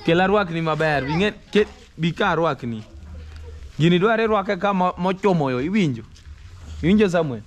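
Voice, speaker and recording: A man's voice: high voice, expressive, normal speed. A man talking casually to camera in broken English and coaxing his young children, in a home family vlog. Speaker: vlogger.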